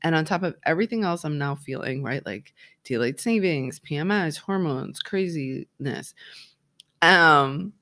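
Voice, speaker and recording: A woman in her forties hosting a casual solo podcast. She rambles in an animated way, with lots of "like" and "right?". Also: sits low, measured pace. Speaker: podcast host.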